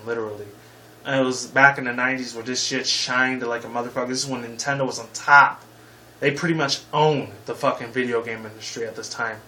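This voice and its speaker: A mid-range, bright, forceful male voice comes through a low-quality recording with a bit of hiss or hum. He's a gaming video host in his twenties, rambling heatedly through a casual game review with frequent swearing and ending on casual slang.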